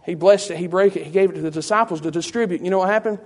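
A man's voice: high voice, racing. A man preacher giving a teaching sermon in a conversational way, with many rhetorical questions.

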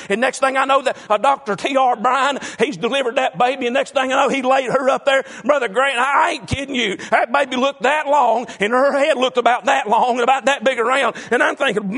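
A man in his fifties preaching a fervent sermon, calling out congregation members by name and swinging from soft reflection to shouting. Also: extremely high pitch, vocal fry.

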